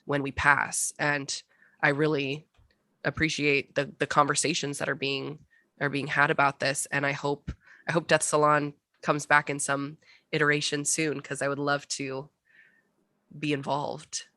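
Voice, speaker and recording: A woman with a very low yet sharp, forceful tone hosts a book club chat. She speaks earnestly and with rising passion. Her voice sounds dry, with no room echo. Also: completely flat delivery, unhurried. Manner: earnest and impassioned. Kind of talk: casual conversation.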